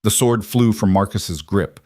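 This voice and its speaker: Low-voiced male story narrator. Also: a little slow, dry recording, studio quality. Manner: steady, dramatic storytelling. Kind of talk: scripted narration.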